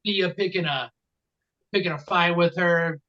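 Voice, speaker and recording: A man's voice: fairly even intonation, moderate pace, bright, forceful tone. A man co-hosting a wrestling podcast, rambling through the recap with many fillers and dry jokes. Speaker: podcast co-host. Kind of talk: casual comedic wrestling recap. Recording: dull low-quality mic.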